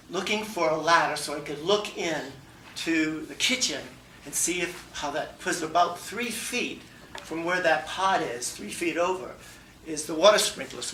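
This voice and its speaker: A man tells a funny personal story to an audience, animated, acting out the dialogue and laughing along. His voice is bright and forward. He is picked up from a distance in an echoey room with faint ambience. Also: fairly high pitch, slight background noise. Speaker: humor contest speaker. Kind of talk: humorous personal story speech. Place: meeting room before an audience.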